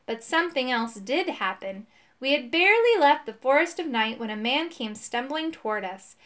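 A woman narrating a children's storybook in an expressive, lively way. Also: sits high, moderate pace. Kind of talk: storybook reading.

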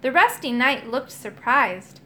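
A woman narrating a children's storybook chapter aloud in an expressive, animated manner. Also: high-pitched, measured pace, slight background noise.

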